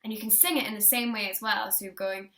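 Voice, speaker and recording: A young woman teaching a singing lesson, encouraging her students and demonstrating warm-up lines for them to copy. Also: mid-range voice, fairly even intonation, fast talker.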